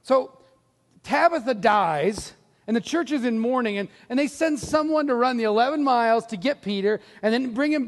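A middle-aged male pastor with a high-pitched voice preaches in a church sanctuary. He tells stories in an animated way and slips into the voices of the people in them. A long reverb trails his words around the hall. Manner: animated storytelling, acts out quoted voices. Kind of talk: sermon.

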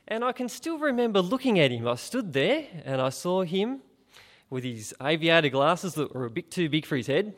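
Man with a somewhat high voice. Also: very animated, normal speed, fairly bright tone. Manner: conversational, asks the listener direct questions. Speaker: preacher. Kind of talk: informal gospel talk.

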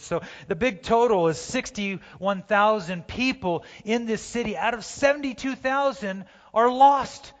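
A man preaching a sermon, impassioned, swinging from loud urging to hushed pleading, recorded in a church sanctuary. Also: sits high. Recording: dull, roomy church hall sound.

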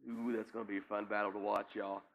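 A man preaching a teaching sermon in a conversational way, often checking in with listeners and now and then coughing or clearing his throat. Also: lowish voice, completely flat delivery, fast talker, fairly bright tone. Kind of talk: sermon teaching with scripture reading.

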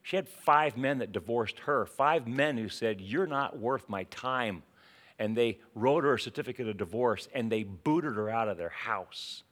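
A man's voice: mid-range voice, expressive, normal speed, hardly any pauses, fairly bright tone. A man preaching a sermon in a conversational way, telling a personal story, with frequent restarts. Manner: conversational, anecdotal with many restarts.

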